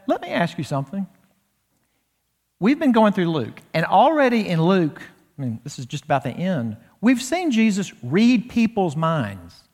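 Animated male preacher in a reverberant church. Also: a little high. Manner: animated expository preaching, slows down for emphasis. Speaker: pastor. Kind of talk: sermon. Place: church sanctuary. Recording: long reverb of a church hall.

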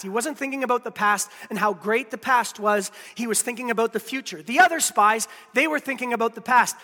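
This pastor's sermon comes in an extremely high, pushed, bright voice trailed by long reverb. Emphatic and repetitive with key phrases, he addresses his audience head-on.

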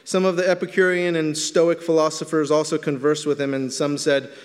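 A man's voice: fairly high pitch, little pitch movement, fairly quick. A man preaching a sermon as pastor, teaching in a conversational way and stretching words for emphasis. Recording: long hall reverb.

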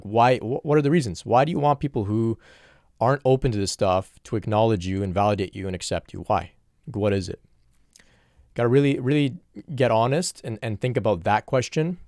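A man's voice: on the low side, darkish tone, dry recording, studio quality. A man in an earnest, reflective solo question-and-answer talk, working through spiritual questions from viewers.

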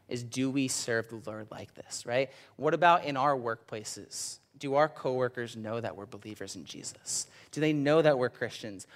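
A man's voice: medium pitch, fairly bright tone. A young man, a school teacher, preaching a conversational sermon and often checking in with his listeners.

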